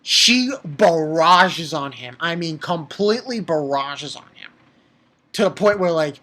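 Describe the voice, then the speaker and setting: A man casually recapping an anime episode in an excitable way, swearing and stumbling over fillers and restarts. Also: fairly high pitch, measured pace.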